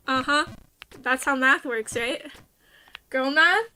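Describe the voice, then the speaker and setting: A woman VTuber with a New Jersey accent, chatting casually with her stream chat, playful and quick to laugh. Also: sits high, bright, forceful tone, slight background noise.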